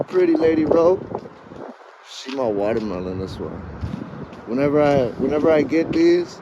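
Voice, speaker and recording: A man's voice: a little high, muffled recording, noisy background. A man rambling through a joking, profane monologue while out on a walk, dropping Spanish slang into his talk. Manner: joking, rambling, swears freely. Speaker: vlogger. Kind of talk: casual comic monologue. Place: outdoors on a walk.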